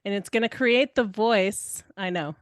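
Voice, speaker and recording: A woman's voice: mid-range voice, unhurried, no room sound, clean studio sound. A woman playing a tabletop game, casual and playful, often laughing. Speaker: player. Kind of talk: casual play.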